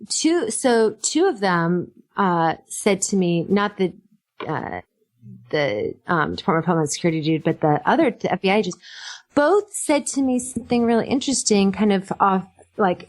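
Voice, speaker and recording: A middle-aged woman, a podcast guest, telling stories in casual chat, laughing and acting out what people said. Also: medium pitch. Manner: animated, laughing, acts out quotes.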